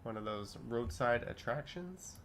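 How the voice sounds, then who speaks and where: Hosting a laid-back livestream, this thirtysomething man reads out chat comments and riffs on each one in a chatty way. He talks a little slowly, with lively intonation and a fairly bright mid-range voice, over slight background noise.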